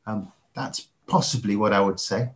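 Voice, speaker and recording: A man's voice: fairly low pitch, normal speed. Reflective English man, podcast guest. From England. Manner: reflective, with frequent fillers and restarts. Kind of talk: podcast interview.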